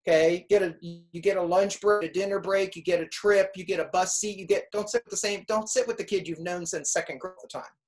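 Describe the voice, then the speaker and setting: This middle-aged man teaches music and offers students laid-back advice in an animated, anecdotal style, frequently imitating the kids. He speaks in a high voice at a fairly quick clip with few pauses, on a rough recording.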